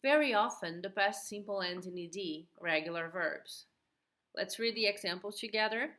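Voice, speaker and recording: A woman teaching an English grammar lesson, slow and patient, repeating key words, a native Portuguese speaker. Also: mid-range voice, fairly bright tone, roomy sound.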